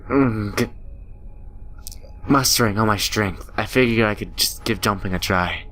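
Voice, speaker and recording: A young gaming YouTuber plays a horror game, dramatically reading its visual-novel story aloud and tossing in joking asides. His voice is on the low side, fairly bright in tone, and he speaks slowly.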